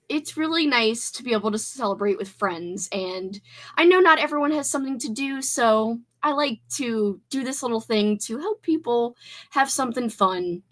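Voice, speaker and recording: A woman hosting a casual livestream, chatting with viewers in a bubbly, effusive way. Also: a little high. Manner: bubbly, effusive, squeals with excitement. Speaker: livestream host.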